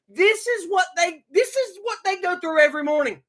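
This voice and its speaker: A woman's voice: very high-pitched, animated, moderate pace, few pauses, a bit bright. A woman hosting a livestream, ranting with anger and indignation, repeating herself and stumbling over restarts. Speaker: livestream host. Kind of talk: ranting live commentary.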